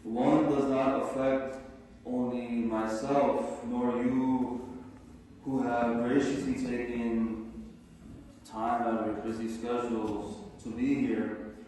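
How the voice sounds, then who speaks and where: Earnest male speaker at a symposium, measured oratory, recorded from far off in a roomy hall. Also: medium pitch, flat delivery, dark tone, slight background noise. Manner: measured, earnest oratory with a slow deliberate rhythm. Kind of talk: formal prepared speech.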